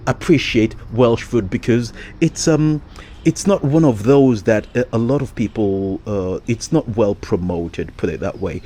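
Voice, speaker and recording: Vlogger type: man, low-ish husky voice, loose rambling delivery full of ums and restarts, chuckles as he goes. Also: unhurried, dark tone. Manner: hesitant, many fillers and restarts, chuckles often. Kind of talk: casual rambling monologue.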